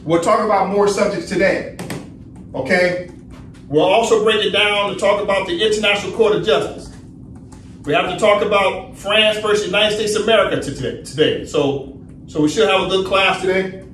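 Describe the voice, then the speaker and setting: A man with a high-pitched voice leads a study class. He poses questions and answers them himself, tagging "right?" onto his points. The sound is distant and roomy, with a faint hiss behind it. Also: normal speed, a bit bright. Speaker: study session teacher. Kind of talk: lecturing class. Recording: roomy echo, distant mic, faint noise.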